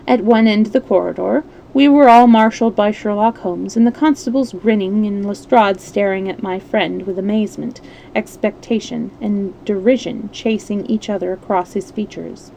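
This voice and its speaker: A woman's voice: mid-range voice, moderate pace, gravelly, mellow, a little hiss or hum, rough recording. A woman storyteller reading a classic story aloud expressively, with small slips and restarts.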